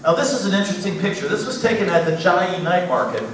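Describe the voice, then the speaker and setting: A man's voice: high voice, sing-song, quick pace. A man giving a genial church slide talk, chuckling now and then at his own stories. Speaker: missionary speaker. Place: church sanctuary. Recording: echoey hall, distant mic, faint hiss.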